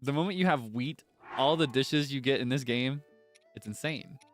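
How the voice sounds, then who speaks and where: A man streaming a game, chatting softly and thinking aloud as he plays. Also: medium pitch, moderate pace, soft background music. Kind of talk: casual game commentary.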